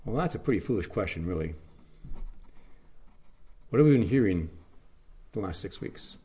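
A male pastor preaching a sermon, moving from quiet reflective questions to fervent, emphatic repetition. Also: lowish voice, expressive, normal speed.

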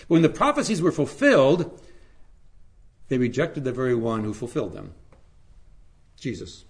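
A male pastor delivering a slow, emphatic sermon, letting his phrases fall to a hush at the ends. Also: medium pitch. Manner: slow, emphatic preaching with hushed, falling phrase endings.

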